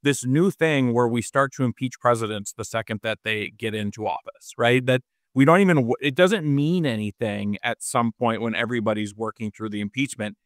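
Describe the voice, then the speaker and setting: A man's voice: medium pitch, moderate pace, no echo, clean studio sound. Wry, opinionated male panelist. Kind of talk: casual discussion.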